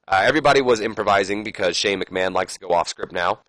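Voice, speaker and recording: A man's voice: on the low side, fast, a bit bright, no room sound, rough recording. A man giving casual, rambling commentary over a wrestling management game, reading promo lines aloud with plenty of fillers and self-corrections. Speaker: let's play commentator.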